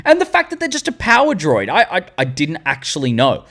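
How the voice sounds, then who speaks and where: Excitable Australian guy with a lively voice. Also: fairly high pitch, a little fast. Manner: excitable, gushing, jumps into silly voices. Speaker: vlog host. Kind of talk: enthusiastic fan commentary.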